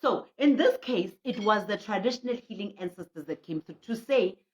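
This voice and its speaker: A middle-aged woman with a South African accent, a traditional healer hosting a livestreamed prayer session, telling stories in an animated way and reading out viewer comments. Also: mid-range voice, fairly quick. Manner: frequent laughter and restarts. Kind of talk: livestream talk. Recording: muffled lo-fi audio.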